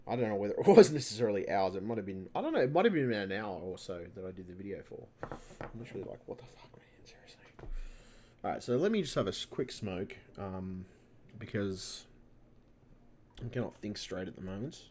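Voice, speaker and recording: A man's voice: on the low side, big pitch swings, quick pace, darkish tone. A man rambling into his computer mic for a casual vlog, frustrated and swearing constantly, often restarting and trailing off. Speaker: channel host. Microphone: computer mic at home.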